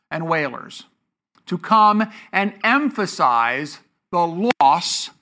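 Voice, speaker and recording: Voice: mid-range voice, pushed and bright. A pastor teaching a sermon to a congregation, asking rhetorical questions and answering them, stretching key words for emphasis. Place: church before a congregation.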